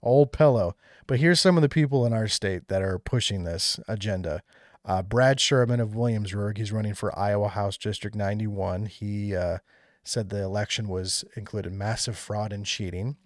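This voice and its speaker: A man's voice: on the low side, moderate pace, no echo, clean studio sound. A man hosting a casual political podcast, chatting loosely and laughing as he reads through a list. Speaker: podcast host.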